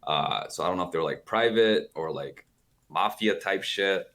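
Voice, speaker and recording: Low-voiced rambling man on a call. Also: normal speed, a bit bright. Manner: rambling, heavy on "like", swears casually. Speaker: podcast guest. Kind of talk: casual storytelling chat. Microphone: calling in over a video call.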